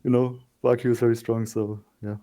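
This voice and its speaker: A man on a competitive team answering interview questions in a relaxed, easygoing way with light laughs. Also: medium pitch, brisk. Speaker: team player being interviewed. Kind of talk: casual esports interview.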